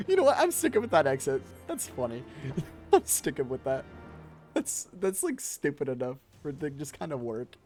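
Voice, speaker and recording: A man's voice: on the high side, wildly swooping pitch, moderate pace, a little mellow. Man streaming a game, casual, cursing and laughing at himself, faint music behind. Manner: laughing, swearing, self-mocking asides.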